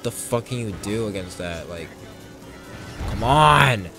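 Excitable, cursing young man gaming. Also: fairly low pitch, takes it slowly, soft background music. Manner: profane, excitable, swings between shouting and muttering. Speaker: gameplay commentator. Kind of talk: casual let's play commentary.

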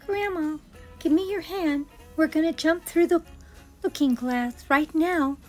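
A woman's voice: high voice, unhurried, a little mellow, faint music behind, pitched above the performer's own voice. A woman voicing a cheerful young girl, Alice, in a sing-song, encouraging way. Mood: coaxing.

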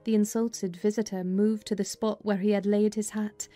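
Soft music plays beneath a medium-pitched female voice as she tells a classic novel in dramatized audiobook form. Her delivery is expressive yet measured, in the manner of a storyteller.

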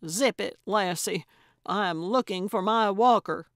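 A woman's voice: mid-range voice, takes it slowly, no room sound, studio quality. A woman narrator voicing a feisty elderly woman detective, blunt and bossy in manner. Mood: brusque. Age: older. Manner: brusque, commanding.

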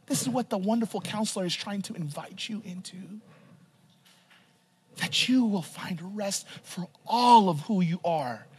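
A male pastor delivering a sermon, often pausing to ask the congregation to finish a phrase, repeating and restarting words, and swinging from emphatic to hushed. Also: sits high, expressive, slightly rough. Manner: asks the congregation to fill in words, frequent "right?"; stumbles and repeats words while talking freely.

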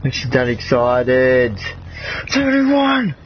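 A young man, commentating his gameplay and swearing, excitable and repeating himself. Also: medium pitch, a little slow, gravelly, dull audio, a little hiss or hum. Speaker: gamer.

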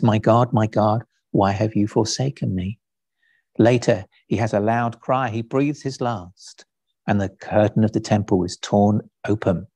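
A man preaching a sermon, speaking slowly and deliberately, lifting his voice for quoted lines. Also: medium pitch, darkish tone, no echo. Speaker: pastor. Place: church.

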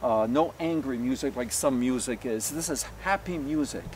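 A man's voice: mid-range voice, normal speed, far from the mic, slight background noise. A man from Canada, a polka musician, telling stories in a casual interview with many fillers. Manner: rambling, anecdotal, with many fillers.

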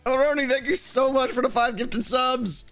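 A man's voice: very high-pitched, moderate pace, fairly bright tone, faint music behind. A young man chatting casually on a live game stream, thanking viewers by name and interrupted by hiccups. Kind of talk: casual live-stream chat while gaming.

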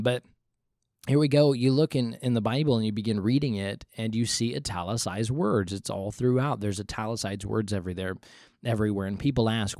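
A man's voice: lowish voice, darkish tone, no echo, studio quality. A man hosting a podcast, explaining Bible questions in an earnest, conversational teaching style and repeating his points for emphasis. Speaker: podcast host.

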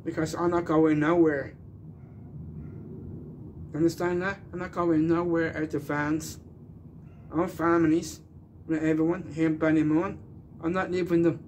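A man's voice: on the high side, level tone, a little slow, long pauses, a little mellow, a little hiss or hum. A man delivering a rambling, defiant rant in a slightly raised voice. He hammers his points and circles back to them with insistent emphasis.

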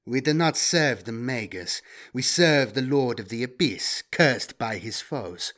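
A man's voice: medium pitch, lively intonation, unhurried, fairly bright tone. A man voicing a harsh, scornful woman cult leader in an audio story. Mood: cold. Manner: cold, taunting.

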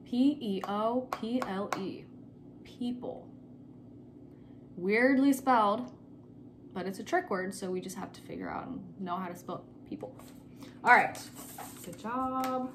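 Young female teacher, unhurried and patient, spells words aloud for kids, noisy home recording. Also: medium pitch. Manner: slow, patient, repeats words and spells them letter by letter. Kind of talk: remote spelling lesson for young children.

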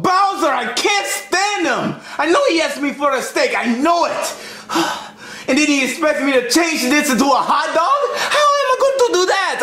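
A shrieking hot-tempered puppet chef. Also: male voice, echoey room, exaggerated voice. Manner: squeaky, shouting rants, childish tantrums.

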